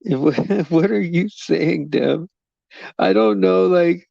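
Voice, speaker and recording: A man's voice: high voice, slow, vocal fry, warm tone, no room sound, dull audio. A man hosting a live stream, chatting loosely with viewers in a rambling way and chuckling often. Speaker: livestream host.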